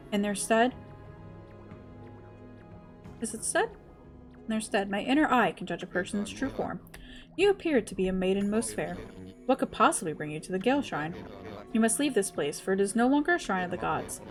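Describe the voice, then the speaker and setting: A woman's voice: medium pitch, animated, a little fast, pauses often, faint music behind, close to an everyday voice. A woman voicing a blind old male earthbound spirit, reading his game dialogue in a formal, archaic manner. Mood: solemn.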